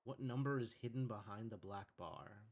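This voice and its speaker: A man's voice: on the low side, moderate pace, a little mellow. A man streaming a puzzle game live, thinking aloud as he plays.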